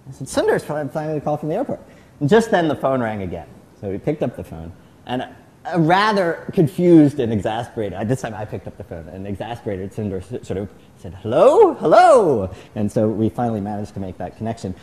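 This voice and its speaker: A man's voice: fairly low pitch, very animated, brisk, a little mellow. A middle-aged man giving an anecdotal tribute speech at a celebration, telling his story with frequent restarts. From United States. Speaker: guest speaker at a celebration.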